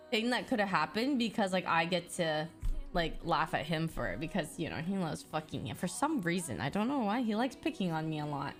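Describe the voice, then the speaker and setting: Woman, casual storyteller, animated and giggly, plenty of fillers; faint music behind. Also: lowish voice. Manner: animated, laughing, lots of "like".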